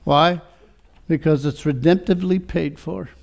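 A male pastor preaching a sermon, using many rhetorical questions and swinging between quiet reflection and rising fervor. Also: a little high, fairly even intonation, unhurried, vocal fry.

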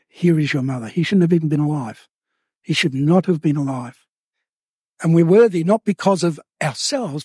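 Man preaching a sermon, high voice, husky, dry close sound, earnest, slows down for emphasis. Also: warm tone, no room sound. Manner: earnest, slows down to stress key phrases.

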